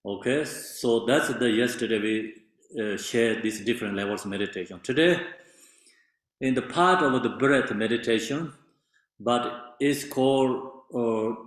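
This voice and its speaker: A man teaching meditation in halting non-native English with many fillers, explaining patiently. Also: medium pitch. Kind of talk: meditation instruction. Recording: very echoey room.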